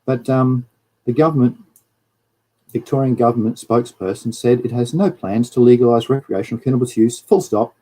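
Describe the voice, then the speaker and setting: Ranting Australian man, mellow voice. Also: medium pitch, a little fast, rough recording. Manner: animated, ranting, reads news and chat aloud. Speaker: live-stream host. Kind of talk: casual live-stream commentary.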